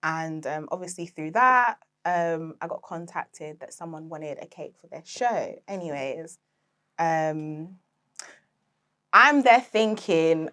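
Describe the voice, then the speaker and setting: A woman's voice: low voice, lively intonation, takes it slowly, fairly bright tone. A young woman guest telling stories in a casual interview, chatty and full of fillers, laughing often. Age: young adult. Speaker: podcast guest, interior decor founder.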